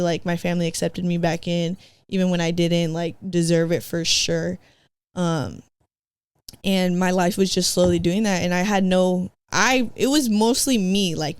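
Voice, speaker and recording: A podcast guest from San Diego, California tells her own story in a slangy, casual way packed with "like" and "bro," acting out her past self and slipping in Spanish phrases. Her voice is on the low side and smooth, in a dry recording.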